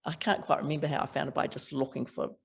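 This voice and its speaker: A woman's voice: low voice, flat delivery, fast, creaky, breathy edge. An older woman with a strong New Zealand accent, chatting as an author guest in an interview with frequent laughs and restarts. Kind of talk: casual interview chat.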